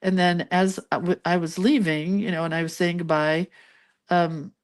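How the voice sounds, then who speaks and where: A woman's voice: lowish voice, fairly even intonation, moderate pace. A woman hosting a craft channel, telling a rambling story in casual chat and laughing between lines. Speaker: lettering and doodling channel host.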